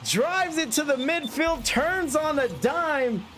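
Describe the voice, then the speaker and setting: A man calling an online esports match play by play, getting excitable and yelling at the big plays. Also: very high voice, takes it slowly. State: out of breath. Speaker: esports caster. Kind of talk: play-by-play commentary.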